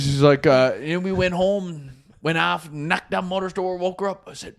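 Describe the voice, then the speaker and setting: A man hosting a podcast, telling a rowdy story in casual chat, animated and profane, often laughing. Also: a little high, moderate pace, vocal fry, few pauses. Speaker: podcast host.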